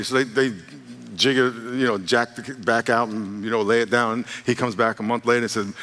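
Male pastor, sermon with comic storytelling, bright forceful tone, long church-hall reverb. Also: medium pitch, fast. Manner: jokey, animated storytelling, acts out characters.

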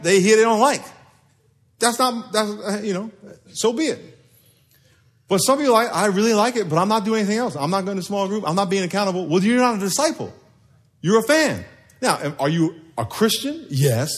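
High-voiced man preaching a sermon. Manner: conversational, playful preaching with call-and-response. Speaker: pastor. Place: church sanctuary.

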